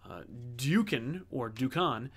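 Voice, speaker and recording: Dude rambling on a comics livestream, lots of uhs and likes. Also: male voice, mid-range voice, lively intonation, takes it slowly. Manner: rambling, many fillers and restarts. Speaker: comic book channel host reading viewer messages. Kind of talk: casual livestream chat.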